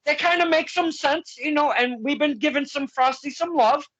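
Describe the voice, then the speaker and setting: A man hosting an interview, casually recapping events in quick fragments before asking questions. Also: very high-pitched, a bit bright, no echo, muffled recording. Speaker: podcast host.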